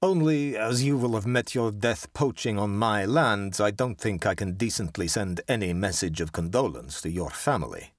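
A man's voice: on the low side, lively intonation, moderate pace, few pauses, no room sound, studio quality. A man voicing a proud, fierce landowner who answers his enemy in a stern, clipped way.

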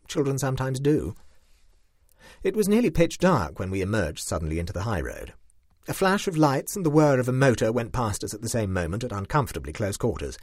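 A man reading a short story aloud in a dry, wry, expressive manner. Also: fairly low pitch, no room sound.

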